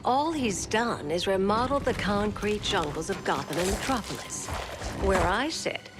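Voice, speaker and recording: An actress playing a cold, self-assured eco-villain with a cool, dismissive manner. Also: female voice, medium pitch, lively intonation, unhurried, background noise, lightly acted. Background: game music.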